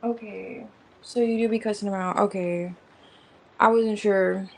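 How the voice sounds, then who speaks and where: A woman talks through a tarot spread in a loose, chatty way, naming cards as she turns them and musing out loud. Her voice has a gravelly fry, and her speech stays informal and slangy. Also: mid-range voice, fairly even intonation, unhurried, a little hiss or hum, low-quality recording. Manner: rambling, thinking aloud while naming cards. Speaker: tarot reader. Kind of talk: casual tarot reading.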